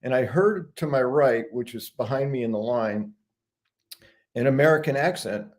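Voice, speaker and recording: Man, casual storyteller, middle pitch, frequent chuckles, restarts. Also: normal speed, darkish tone. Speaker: guest sharing an anecdote. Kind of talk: casual live-stream chat.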